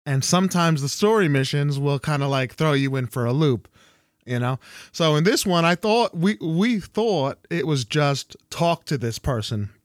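Young guy hosting a chat, bouncy lively voice, dry close sound, gets squeaky doing other people. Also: no echo. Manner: animated, jumps high when quoting people. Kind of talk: casual storytelling chat.

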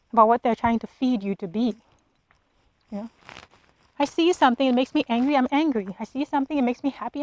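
A woman's voice: on the high side, no echo, muffled recording. A woman hosting a solo podcast, ranting bluntly with profanity and rhetorical questions. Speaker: podcast host. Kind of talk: solo monologue rant.

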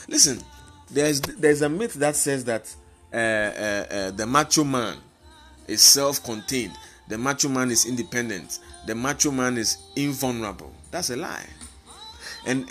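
Fervent male preacher with soft music. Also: mid-range voice. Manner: fervent, repetitive emphatic preaching. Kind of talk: sermon.

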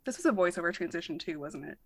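A woman's voice: fairly low pitch, animated, rapid-fire, no room sound. A young woman co-hosting a casual podcast, chatty and laughing often. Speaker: podcast co-host.

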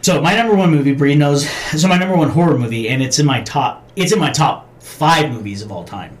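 A man's voice: a little high, a little fast. Profane rambling man in casual chat. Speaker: podcast co-host.

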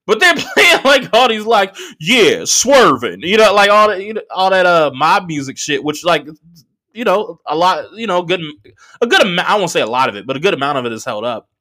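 A man in his thirties from the Bay Area talks through a solo podcast episode, storytelling with loose profanity and mocking voices. His voice sits fairly high for a man and swings widely in pitch. The tone is bright and edged. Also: big pitch swings, a little fast. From San Francisco Bay Area. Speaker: podcast host.

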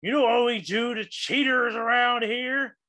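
Gruff tavern brawler, blunt threats, man doing it, tabletop game. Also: high-pitched, lively intonation, unhurried, sharp tone, heavily acted. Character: tough male bar brawler who punches patrons.

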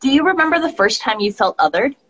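A woman's voice: high-pitched, big pitch swings, quick pace, fairly bright tone, breathy edge. A woman interviewing in a laid-back, casual way, giving short affirmations and asking questions with hesitant "um"s. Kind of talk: casual conversation.

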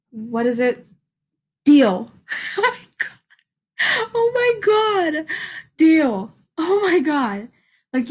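A woman hosting a casual solo podcast, rambling, giggling often and searching for words. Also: a little high. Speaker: podcast host.

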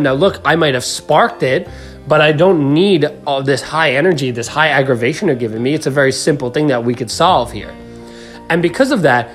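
An earnest male podcast host talks the listener through stress in a coaching, direct-address way. His voice sits a little higher than most men's, and soft music plays underneath. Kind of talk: motivational self-help talk.

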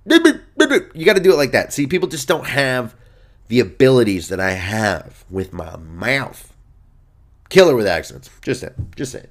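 A brash young male comedian and podcast host rambles through a loose, profane monologue. He swings his pitch up and down a lot as he riffs and boasts for laughs. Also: sing-song, a little slow.

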